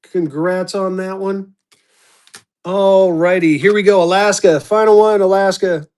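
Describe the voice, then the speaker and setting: A man running a live-stream auction, chatty and upbeat, slipping into a quick auctioneer chant, his voice going hoarse. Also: sits high, fairly even intonation, a little mellow. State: losing his voice.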